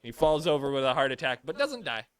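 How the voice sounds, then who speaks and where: A young man running a live tabletop game as dungeon master, narrating with animated storytelling. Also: mid-range voice, quick pace, clear, resonant tone. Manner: animated storytelling with sudden loud character outbursts.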